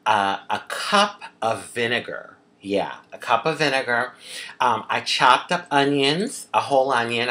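A woman with a Philadelphia accent chatting through a casual home cooking vlog, expressive and quick to laugh. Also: extremely low pitch. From Philadelphia, USA. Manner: chatty, expressive, laughs often, drawn-out emphasis. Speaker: vlogger.

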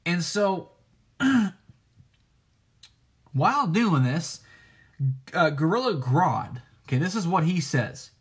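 A man's voice: on the high side, sing-song, slow, pauses often. Hesitant man giving an informal teaching. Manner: hesitant, frequent restarts, keeps asking "okay?". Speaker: preacher.

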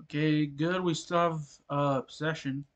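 A man casually commenting on his own soccer video game, low-key and a bit sleepy, with sudden exclamations at plays. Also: steady tone, unhurried. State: sleepy, yawning. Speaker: gameplay commentator.

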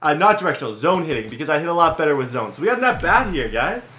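Racing along in a fairly high, sing-song voice that sounds pushed and bright, a young adult YouTuber comments casually on his own video game play. He's chatty and self-deprecating, with plenty of fillers.

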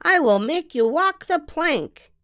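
A woman voicing an excitable little girl with a big imagination, reading with a theatrical, sing-song manner. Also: sits high, slow pace, no room sound, studio quality, pitched above the performer's own voice, full character voice. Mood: playful.

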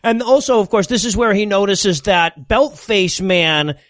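A man's voice: sits high, lively intonation, measured pace, fairly bright tone, no room sound, studio quality. A man co-hosting a comedy podcast, recapping a film with sarcastic asides and frequent laughs. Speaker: podcast co-host.

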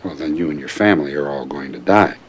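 A calm, menacing villain from a TV western. His voice sits very low and deep, and he keeps every word polite, measured and deliberate. Faint ambience hangs behind him. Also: background noise. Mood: cold menace. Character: cold, soft-spoken, vengeful older male lawman villain. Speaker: villain, a lawman holding a captive. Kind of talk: 1990s TV western acting.

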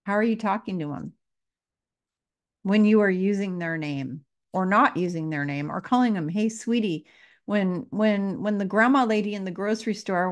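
A woman spiritual teacher talking to her viewers, earnest and repeating her questions. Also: mid-range voice. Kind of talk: casual spiritual talk to camera.

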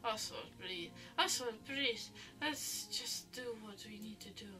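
A woman's voice: on the high side, a little slow, far from the mic, music in the background, natural voice. A woman reading the lines of a frightened young girl from a game, earnest and pleading.

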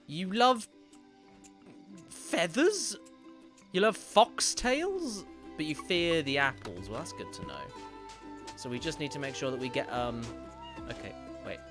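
A man's voice: on the high side, big pitch swings, a little slow, long pauses, music in the background. A man streaming a video game live, joking around, thanking viewers for donations and reacting to scenes. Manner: joking, self-deprecating, reads out donations.

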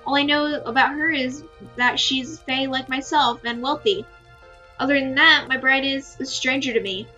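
A woman voicing a gentle Fae nobleman. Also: high-pitched, fairly even intonation, normal speed, dull audio, faint music behind. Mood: earnest. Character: male Fae noble, calm and courteous. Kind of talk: reading a visual novel aloud.

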